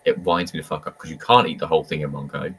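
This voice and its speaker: Male co-host, very low voice, emphatic sweary ranter, faint background noise. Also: fairly even intonation, fast, fairly bright tone. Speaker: podcast co-host. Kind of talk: casual podcast chat.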